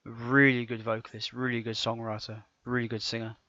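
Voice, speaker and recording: A man's voice: medium pitch, little pitch movement, a little fast, pushed and bright, no room sound. A man co-hosting a podcast, talking casually and enthusiastically with many restarts. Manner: rambling, stumbling restarts, enthusiastic. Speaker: podcast co-host. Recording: dull dry lo-fi podcast audio.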